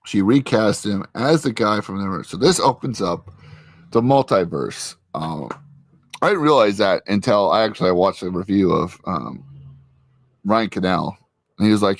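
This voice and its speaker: A man's voice: fairly low pitch, expressive, normal speed, no echo. A man hosting a casual chat, rambling as he retells a show's scenes and slips into the characters' lines. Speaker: host. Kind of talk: casual show recap chat.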